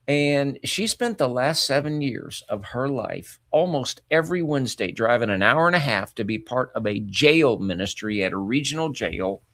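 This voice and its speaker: A man's voice: mid-range voice, a bit bright, no echo, studio quality. A man telling a personal family story in candid spoken commentary, often repeating words as he goes. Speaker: ministry commentator.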